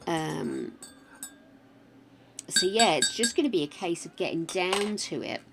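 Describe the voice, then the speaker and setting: A woman's voice: lowish voice, expressive, measured pace, noisy background. An older woman with a slightly wobbly voice, chatting with her viewers and thinking aloud while she plays a game on a live stream. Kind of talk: casual live-stream chat while playing.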